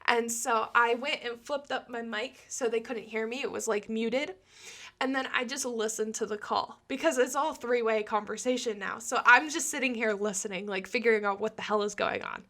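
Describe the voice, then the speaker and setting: A young woman with a high, bright voice chats through a storytime tale. She says "like" constantly and laughs easily as she talks. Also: normal speed. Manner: chatty, peppered with "like", laughs often. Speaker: storytime vlogger. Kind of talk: casual storytime.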